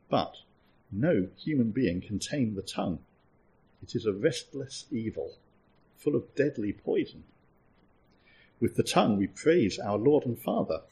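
A man reads scripture aloud with a very husky, breathy tone and a mellow warmth. His pitch moves with lively range as he gives the lines careful, measured weight. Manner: measured, expressive reading. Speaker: scripture reader. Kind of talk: scripture reading.

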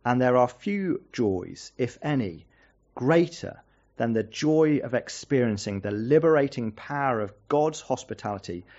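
A man's voice: medium pitch, expressive, unhurried, a little mellow, dull audio. Man preaching with earnest rhetorical questions. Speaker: visiting pastor. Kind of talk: sermon.

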